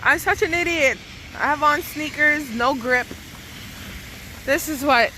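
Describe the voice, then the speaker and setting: A woman from Canada talks slowly into a handheld camera in a fairly high voice, chatting and poking fun at herself with frequent laughter. Outdoor and road noise sits clearly behind her. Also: pushed and bright. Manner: chatty and self-mocking, laughs often. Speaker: vlogger. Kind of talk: casual vlog chat. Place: outdoors in snow, then in a car. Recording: noisy outdoor and car ambience.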